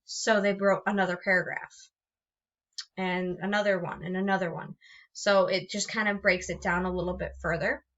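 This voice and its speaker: A woman's voice: on the low side, fairly even intonation, normal speed, fairly bright tone. A woman teacher explaining punctuation rules in a recorded lesson, patient and explanatory, often restarting her sentences. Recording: dull lo-fi sound.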